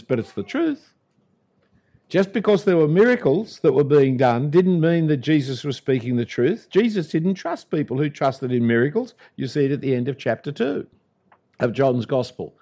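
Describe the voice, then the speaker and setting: A man's voice: on the high side, big pitch swings, moderate pace, dark tone. An older man with an Australian accent preaching a sermon as an Anglican pastor, emphatic and punchy, with dry humour.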